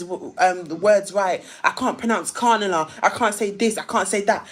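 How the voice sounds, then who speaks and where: A woman's voice: medium pitch, normal speed, hardly any pauses. Ranting woman on a livestream. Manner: emphatic, repetitive, ranting. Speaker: live streamer. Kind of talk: heated live-stream rant.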